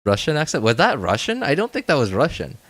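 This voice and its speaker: A man's voice: on the high side, huge pitch swings, fast, fairly bright tone, dry recording. A man streaming a video game, chatting casually and rambling, with frequent self-corrections and laughs. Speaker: gaming streamer. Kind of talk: casual gameplay commentary.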